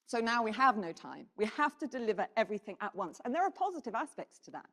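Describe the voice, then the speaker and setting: A woman giving a conference presentation, animated and putting questions to the audience. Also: fairly high pitch, fast. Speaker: keynote speaker. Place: conference hall. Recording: reverberant hall.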